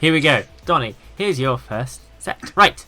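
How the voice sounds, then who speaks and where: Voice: mid-range voice, lively intonation, unhurried, pushed and bright. A podcast host running a quiz game, playful and teasing with the guests. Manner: playful, teasing, laughing often.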